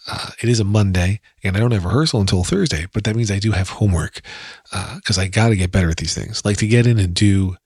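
A man's voice: fairly low pitch, fast, a little mellow, husky, dry recording, clean studio sound. A man with a New Jersey accent hosting a casual solo podcast, chatty and rambling with self-deprecating asides. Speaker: podcast host.

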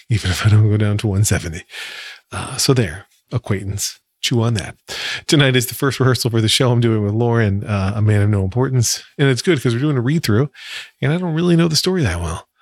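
Man, low voice, chatty, wry, casual vlog update, dry recording. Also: no echo. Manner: chatty, wry, laughs often. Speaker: vlogger.

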